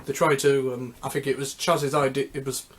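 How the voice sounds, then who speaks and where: A man's voice: medium pitch, little pitch movement. Rambling man talking music history. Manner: rambling, halting, with many restarts. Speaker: music history video host. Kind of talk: casual unscripted talk.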